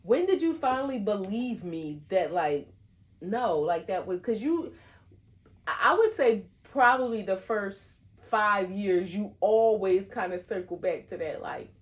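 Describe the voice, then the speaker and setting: A middle-aged woman, co-hosting a casual couple podcast in a relaxed, affectionate, teasing way. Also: mid-range voice, measured pace. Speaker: podcast co-host.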